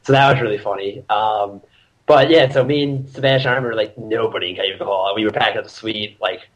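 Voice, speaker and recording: Young man, podcast guest, animated storyteller, laughs often, casual chat. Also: fairly low pitch, fast talker, poor audio.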